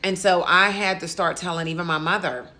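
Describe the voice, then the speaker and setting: A woman with a low-pitched voice that comes across bright and forceful. She talks candidly in a casual interview, telling stories and acting out little quoted exchanges. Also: steady tone, a little fast. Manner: candid, storytelling with quoted asides. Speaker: insurance agent and channel host.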